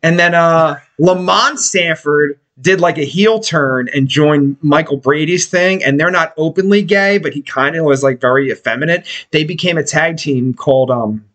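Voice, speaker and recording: A man's voice: a little high, moderate pace, few pauses, fairly bright tone. A man hosting a podcast, telling rambling, profane stories full of restarts in casual chat. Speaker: podcast host.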